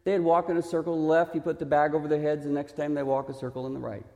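A man preaching a sermon, originally from Texas, asking the listeners questions and slowing down to stress his points. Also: a little high, flat delivery, a little mellow. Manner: questioning, emphatic, slows for stress. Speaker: pastor. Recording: reverberant hall.

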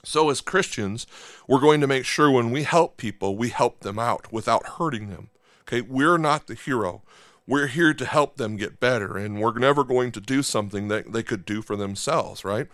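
A man's voice: mid-range voice, normal speed, a bit bright, no room sound, studio quality. Conversational man preaching a sermon. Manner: conversational, asks the congregation for agreement. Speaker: pastor.

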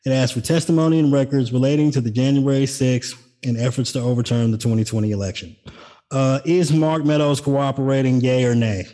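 A man's voice: medium pitch, fairly even intonation, brisk, mellow. Sarcastic man co-hosting a casual podcast. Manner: sarcastic, jokey asides. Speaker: podcast co-host. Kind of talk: casual political chat.

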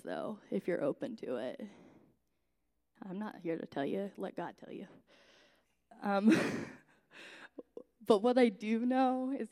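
A woman's voice: mid-range voice, darkish tone, smooth. Young woman missionary giving an earnest church talk, heartfelt testimony vibe. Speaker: missionary speaker. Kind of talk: church teaching.

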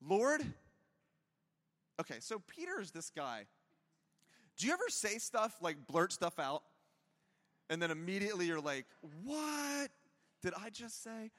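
High, lively joking pastor in a hall. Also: male voice, a little slow, long pauses. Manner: chatty, joking, self-deprecating, full of asides. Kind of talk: conversational sermon. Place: church auditorium.

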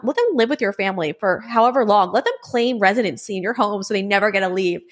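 A woman hosting a political commentary show, talking in a brisk, conversational way with many fillers. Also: medium pitch, very animated. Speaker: show host.

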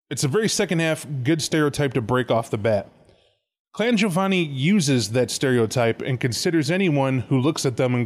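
A man co-hosting a casual podcast, rambling with profanity and quick, animated asides. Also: medium pitch. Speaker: podcast co-host.

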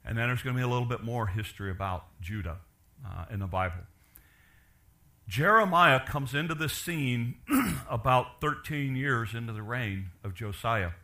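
A man's voice: medium pitch, bright, forceful tone. A man pastor delivering a sermon, explaining scripture in earnest, pleading tones. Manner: earnest, pleading preaching with rising emphasis.

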